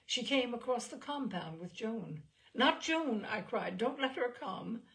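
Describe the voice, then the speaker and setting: A woman reading the part of a composed young widow who calmly tells of a killing. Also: mid-range voice, measured pace, vocal fry. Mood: coolly recounting. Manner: matter-of-fact, unrepentant telling.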